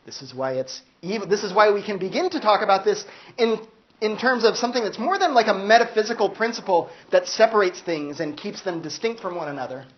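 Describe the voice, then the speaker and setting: A man's voice: high-pitched, animated, fairly quick, muffled recording. A male philosophy lecturer giving a casual, conversational class talk, often saying "like" and acting out quoted voices. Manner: conversational, peppers speech with "like", acts out quoted voices. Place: university classroom.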